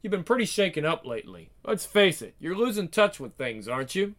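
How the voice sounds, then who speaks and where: A man voicing a weary, menacing male spirit of a soldier, speaking in a low, intimate, taunting way. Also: big pitch swings, a little fast, a bit bright. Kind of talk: one-man script reading.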